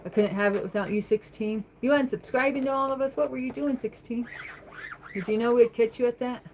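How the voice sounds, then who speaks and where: A woman's voice: a little high, fairly quick, darkish tone, a little hiss or hum, rough recording. Chatty woman livestreaming from home. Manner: chatty, rambling, reads comments aloud and answers them. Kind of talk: casual livestream chat, answering viewer comments. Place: home, at the kitchen sink.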